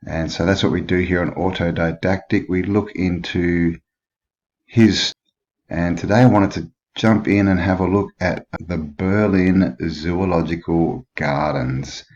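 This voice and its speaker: Male host, very low voice, casual questioning history voice-over, dull lo-fi audio. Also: steady tone, measured pace, darkish tone. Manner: chatty, questioning, frequent filler words. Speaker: channel host.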